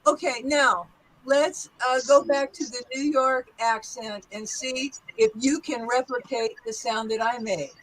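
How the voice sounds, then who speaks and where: A woman's voice: a little high, steady tone, a little slow, a bit bright, poor audio. A woman teaching accents in an online class, speaking over a video call, full of enthusiastic praise and carefully modeling pronunciation.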